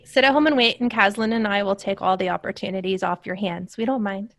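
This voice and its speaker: A woman actress, a guest in a casual interview, telling lively anecdotes and laughing as she talks. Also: mid-range voice, fast talker, dry recording. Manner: animated storyteller, laughs while telling anecdotes.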